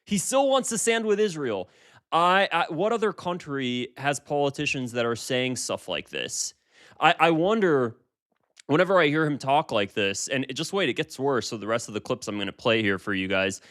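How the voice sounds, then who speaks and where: A man's voice: mid-range voice, animated, moderate pace, fairly bright tone. A man in his twenties giving casual political commentary, emphatic and repeating himself with frequent restarts. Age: 20s.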